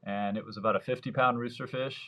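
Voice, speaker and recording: A man's voice: medium pitch, fast talker. A man in his thirties, a surf fishing guide, telling stories casually in a podcast interview and acting out the lines of the people in them. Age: 30s. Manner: lively storyteller, acts out quoted dialogue.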